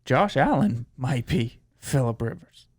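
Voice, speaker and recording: A man co-hosting a sports podcast, giving his betting picks in an easy, laid-back way. His voice sits at a middling pitch, and he swears casually as he tells stories. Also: expressive, a little slow, a little mellow. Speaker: podcast co-host.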